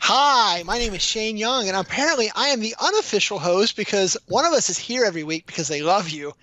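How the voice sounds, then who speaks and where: Male co-host with a high voice, dry close sound, wry and teasing. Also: animated, fairly quick, bright, forceful tone, no echo. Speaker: podcast co-host. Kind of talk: casual tech podcast banter. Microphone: headset.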